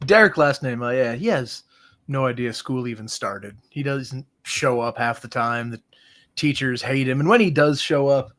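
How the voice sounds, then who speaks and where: A man's voice: medium pitch, measured pace, fairly bright tone. A man describing his character in a tabletop game, slipping into first person in a laid-back way. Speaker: player.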